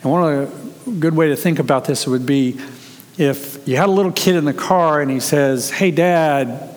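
A man with a somewhat high voice preaching a casual, earnest sermon. He tells stories and throws in lively quoted voices. The sound rings with the long reverb of a large hall. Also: moderate pace. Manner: earnest, storytelling, animated when quoting. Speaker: pastor. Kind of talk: conversational sermon.

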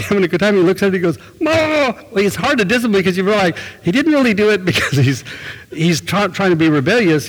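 A man's voice: mid-range voice, slightly rough, in a large hall, poor audio. An older man, a pastor, preaching a sermon in a folksy, conversational storytelling way.

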